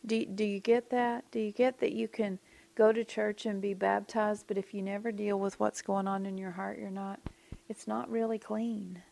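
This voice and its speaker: A woman's voice: mid-range voice, flat delivery, normal speed, gravelly, darkish tone. A woman giving a reflective Bible teaching in a musing, conversational way, at times dropping almost to a whisper.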